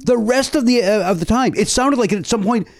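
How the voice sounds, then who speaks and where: A man co-hosting a podcast in casual chat, an animated storyteller who swears casually. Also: extremely high pitch, a little fast. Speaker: podcast co-host.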